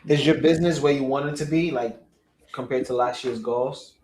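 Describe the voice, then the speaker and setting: A young man in a relaxed casual chat about wholesaling real estate deals, slangy and easygoing. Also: medium pitch, moderate pace. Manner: relaxed, slangy, says bro.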